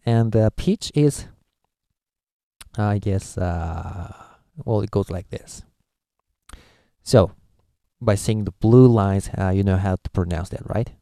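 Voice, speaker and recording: A Japanese-accented man teaches in an unhurried, halting way, filling pauses with uhs and sounding out syllables to demonstrate. His voice sits fairly low with a gravelly, mellow edge. The sound is dry with no room around it. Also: dry recording. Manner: hesitant, many filler uhs, demonstrates syllables aloud. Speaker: language teacher. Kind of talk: casual spoken lesson.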